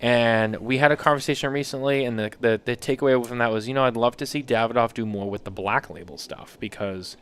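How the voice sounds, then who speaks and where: A man co-hosting a casual talk show, telling animated, rambling anecdotes. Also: mid-range voice, fairly quick, hardly any pauses, clear, resonant tone. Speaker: podcast co-host. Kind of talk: casual chat, storytelling.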